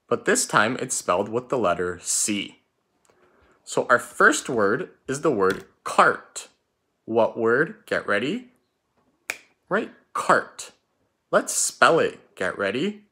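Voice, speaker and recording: A male teacher leading an online spelling class, with a bright, clear voice. He speaks slowly and spells each letter out deliberately. His pitch rises and falls a lot, in a lively classroom way. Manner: slow, drawn-out letter-by-letter dictation.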